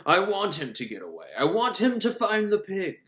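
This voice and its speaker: A man's voice: high voice, huge pitch swings, moderate pace, fairly bright tone, pitched above the performer's own voice, exaggerated voice. A man putting on the voice of a lazy, drowsy villain king who brushes things off. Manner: drowsy, dismissive. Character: lazy sleepy villain king, male adult. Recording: roomy echo.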